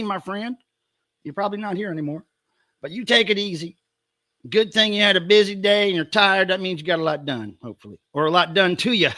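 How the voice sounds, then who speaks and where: A man's voice: high voice, bright, forceful tone, no echo, studio quality. A man hosting a casual livestream from home, playfully greeting viewers one by one. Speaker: livestream host.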